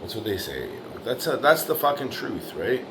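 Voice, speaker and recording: A man's voice: medium pitch, very animated, normal speed, background noise. A middle-aged man who lays bricks, giving a rambling, tough-talking motivational monologue full of swearing and "you know, right?". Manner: profane, blunt, tough-talking. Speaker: bricklayer vlogger.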